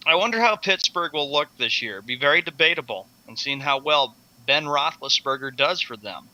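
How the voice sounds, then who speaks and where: An easygoing man co-hosting sports talk, quick to laugh. His voice is very bright and sharp, a little high for a man. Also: expressive, highs cut off. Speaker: sports radio co-host.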